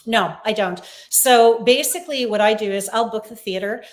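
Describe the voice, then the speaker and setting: A woman's voice: a little high, normal speed. A woman, a psychic medium, talking casually in an interview over a video call and telling stories with plenty of fillers. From Canada. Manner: chatty, warm storytelling with many fillers.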